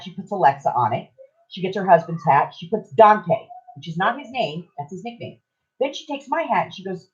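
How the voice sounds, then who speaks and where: An older woman casually telling a long anecdote on a talk show, chatty and lively, slipping into other people's voices as she quotes them. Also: lowish voice, fairly quick, lo-fi sound. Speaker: podcast co-host. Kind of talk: casual storytelling.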